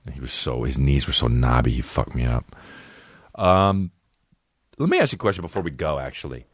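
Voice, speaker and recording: A man in his thirties delivers a comedic podcast monologue, swearing freely and working himself up into an animated, pitch-climbing rant. The recording is close and dry, with no room around the voice. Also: fairly quick, dry recording. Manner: profane, ranting, rising to a high-pitched mock outrage. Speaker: podcast host.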